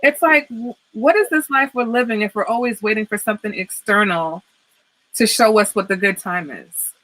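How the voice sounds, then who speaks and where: A woman's voice: mid-range voice, normal speed, a bit bright, rough recording. A woman who reads tarot, a guest on a podcast, talking casually and reflectively and often tagging her points with "right?". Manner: reflective, frequent "right?" and "okay?" tags. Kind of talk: casual conversation.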